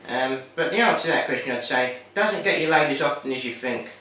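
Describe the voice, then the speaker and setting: A man's voice: mid-range voice, animated, brisk, sharp tone. A young man with a Cockney accent, a student answering interview questions in a rambling way, full of "sort of" and "like". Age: young adult. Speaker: TV production student. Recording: very echoey room, distant mic.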